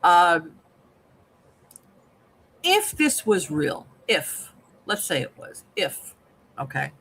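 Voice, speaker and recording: A man talks through a film episode in a casual live review, his gravelly voice rising and falling a lot. He explains patiently like a therapist, often pausing to check in with "okay?", over a faint hiss. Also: sits high, wildly swooping pitch, sharp tone, rough recording.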